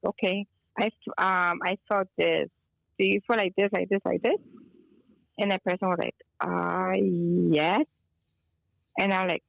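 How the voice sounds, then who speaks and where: Gravelly-voiced woman on a lo-fi call. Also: mid-range voice, dry recording. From Chicago. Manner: rambling storytelling, switches into Spanish phrases. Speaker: guest, energy healer. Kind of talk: casual phone-in chat. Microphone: phone call.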